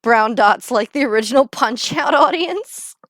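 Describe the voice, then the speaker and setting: A woman's voice: fairly high pitch, expressive, measured pace, fairly bright tone, no echo. Chatty woman streaming, dry close sound. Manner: chatty, rambling, many "like" fillers. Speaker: livestreamer. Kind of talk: casual livestream chat while gaming.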